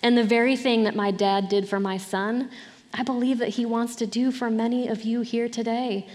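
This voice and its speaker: A woman's voice: a little high, steady tone, normal speed, darkish tone, in a large hall. A middle-aged woman pastor preaching a sermon in an earnest, conversational way, with light laughs between points.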